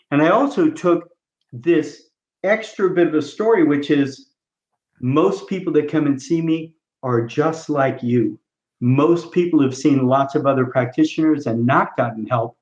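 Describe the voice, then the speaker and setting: A man coaching chiropractors as a podcast guest, teaching emphatically and role-playing patient talks. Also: fairly high pitch. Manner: emphatic, coaching, asks if listeners follow. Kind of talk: teaching and role-play demonstration. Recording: roomy, dull lo-fi sound.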